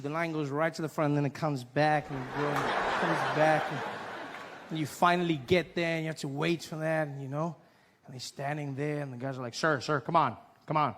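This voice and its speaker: A man performing stand-up comedy on stage, telling a story in an animated way and acting out other people's voices. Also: a little high, slight background noise. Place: on stage before a live audience.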